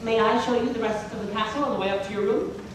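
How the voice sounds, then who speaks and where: A woman's voice: a little high, steady tone, quick pace, lightly acted. A young woman playing a shy lovestruck prince. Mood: bashful. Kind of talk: school stage musical acting. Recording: echoey hall from far off, clear noise.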